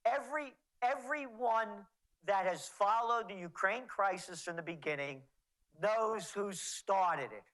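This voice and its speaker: A woman's voice: mid-range voice, expressive, a little slow, fairly bright tone, poor audio. A woman commentator in heated political chat, sarcastic and mocking as she talks.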